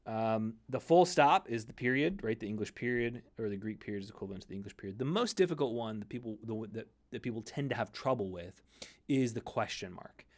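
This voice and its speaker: A man's voice: lowish voice, lively intonation, a little fast. A man teaching a Greek lesson in a conversational way, often correcting himself mid-sentence and using fillers. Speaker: seminary Greek instructor. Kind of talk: recorded lecture.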